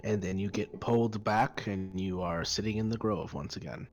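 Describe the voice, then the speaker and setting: A man narrating as game master of a tabletop game, pausing often and filling gaps with "uh" and "like" as he describes the scene. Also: on the low side, muffled recording. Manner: hesitant, full of pauses and fillers. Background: faint background music.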